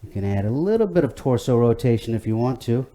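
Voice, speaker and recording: Here a man leads home workout instruction as a fitness instructor, chatty and relaxed, restarting often and leaning on fillers. His medium-pitched, mellow voice has a sing-song lilt, and he talks fast.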